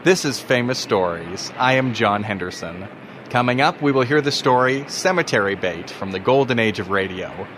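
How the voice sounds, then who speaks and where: Podcast host guy reading his intro, steady voice, noisy background. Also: medium pitch. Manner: plain, measured. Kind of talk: scripted narration. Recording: noisy recording with background hum.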